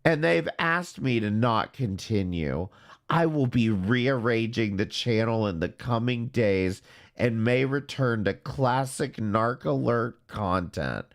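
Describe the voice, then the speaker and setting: A man hosting a commentary show, talking in a sarcastic, deadpan way. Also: medium pitch, slow pace. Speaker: commentary channel host. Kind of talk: casual mocking commentary.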